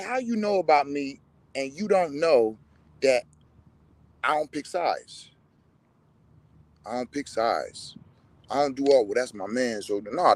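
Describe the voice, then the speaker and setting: Man, blunt and profane, lively swooping pitch, dry close sound. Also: no echo. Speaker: self-described shaman and medicine man. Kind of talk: social media monologue.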